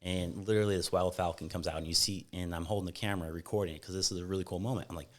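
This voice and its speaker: A man's voice: sits low, fairly even intonation, racing. A man from Fresno, California, a falconer, telling stories in a chatty, rambling way with frequent restarts in a casual podcast conversation. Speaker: guest falconer.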